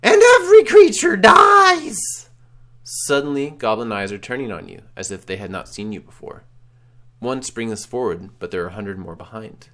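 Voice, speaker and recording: A man's voice: fairly low pitch, moderate pace. A man reading a text adventure game aloud with drama, calling out his choices. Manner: dramatic, shouts choices out loud. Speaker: game streamer.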